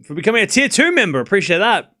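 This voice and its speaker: Hosting a live tennis watchalong, a man speaks in a high, sing-song voice that is quick, pushed, and bright. He offers casual play-by-play of the scores and shots, converses with viewers, thanks supporters, and scolds chat in jest.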